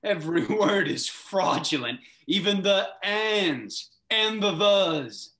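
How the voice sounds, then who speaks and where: Brief: young male actor as a wounded, sneering young playwright; wide-ranging pitch, roomy echo. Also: animated, slow pace, exaggerated voice. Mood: scornful. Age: young adult. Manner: swings from hushed grief to sneering outbursts. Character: bitter young man, struggling playwright son. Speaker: student actor. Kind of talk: stage drama over video call. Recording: echoey room over video call.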